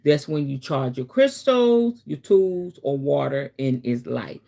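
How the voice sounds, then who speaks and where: A woman hosting a casual teaching stream, talking straight to her viewers in a chatty way and breaking into dramatic, animated asides. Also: sits low, slow pace, vocal fry. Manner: chatty, addresses viewers directly. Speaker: host, spiritual teacher.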